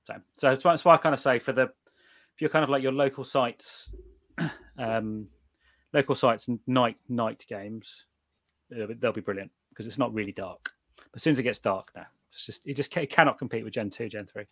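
A middle-aged British man chatting casually, telling animated stories with many restarts and the odd swear word. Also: mid-range voice, brisk, dry recording, studio quality. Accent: British English. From Britain. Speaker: guest reviewer of night vision gear. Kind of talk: casual chat.

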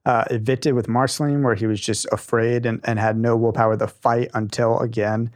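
An enthusiastic young man chatting on a podcast, rambling from one point to the next. His voice sits at a middle pitch, and the sound is dry and close with no room echo. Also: level tone, moderate pace, a little mellow. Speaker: podcast co-host. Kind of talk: casual podcast chat.

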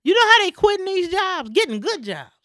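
A woman's voice: extremely high pitch, brisk, no echo, clean studio sound. A woman, talking in an emphatic, preachy way during a casual chat. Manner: emphatic, preachy, animated storytelling.

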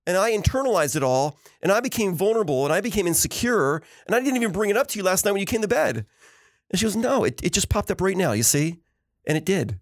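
Lively middle-aged guy chatting, voice bouncing all over, dry close sound. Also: high voice, fast talker, no room sound. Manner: animated storyteller acting out quotes. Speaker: podcast co-host. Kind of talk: casual chat.

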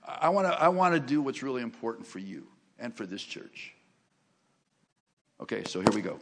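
A man with a rough, fry-edged voice delivers a sermon and personal testimony. He tells his stories with humor and then lifts into loud, emphatic preaching. The sound carries the long reverb of a large church sanctuary. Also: medium pitch, brisk, slight background noise. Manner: animated, joking storyteller who rises to loud emphasis. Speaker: guest preacher.

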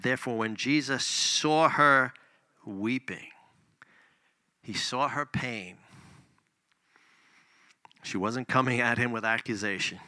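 A man preaching a sermon, reading scripture and explaining it conversationally, swinging between loud emphasis and hushed near-whispers. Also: mid-range voice, slow, long pauses, no room sound. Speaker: pastor.

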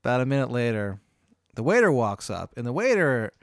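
A man's voice: medium pitch, sing-song, a little fast, no room sound, studio quality. A man hosting a comedy podcast, spinning a long hypothetical story in a rambling way, full of "like" and "uh". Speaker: podcast host.

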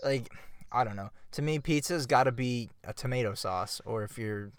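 A man's voice: mid-range voice, moderate pace, clear, resonant tone, no echo. A man co-hosting a casual podcast chat, arguing playfully, swearing freely and filling his talk with "like". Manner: blunt, swears, argues playfully. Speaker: podcast co-host.

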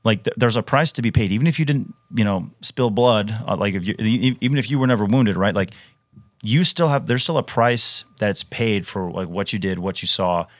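Low-voiced man, emphatic and casual. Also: fairly quick, dry recording, studio quality. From Wisconsin, US. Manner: emphatic, frequent fillers and restarts, says "dude" often. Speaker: podcast guest, retired Navy SEAL. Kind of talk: casual conversational storytelling.

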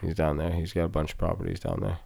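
Deep-voiced man chatting casually. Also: flat delivery, fast, gravelly, over a noisy crowd. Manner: laid-back, swears, bursts into loud laughter. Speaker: guest, professional fighter. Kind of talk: casual chat.

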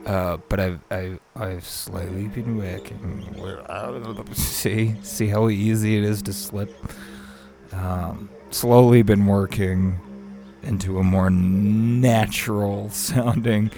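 A deep, gravelly-voiced man talks slowly through a casual podcast monologue. He rambles, laughs a lot and swears offhandedly, with faint music behind him. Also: steady tone. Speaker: podcast host, aspiring voice actor.

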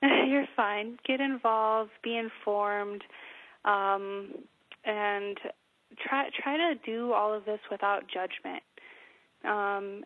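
A woman's voice: mid-range voice, slow pace, dry recording, narrow, tinny audio. A woman guest on an interview show, talking in a thoughtful way and laughing often. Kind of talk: casual interview.

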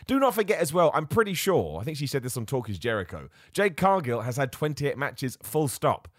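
A man's voice: mid-range voice, big pitch swings, a little fast, no room sound, clean studio sound. Rambling man hosting a wrestling podcast. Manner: rambling and opinionated, with asides. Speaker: podcast host. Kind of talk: casual solo wrestling chat.

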